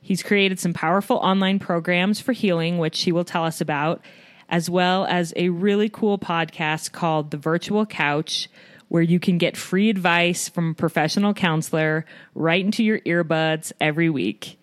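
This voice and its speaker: A woman's voice: fairly low pitch, fairly even intonation, moderate pace, no room sound. A woman in her thirties hosting a podcast for moms, reading a scripted opening with light humor. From United States. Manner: warm, reads a written intro with light self-deprecating humor. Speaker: podcast host.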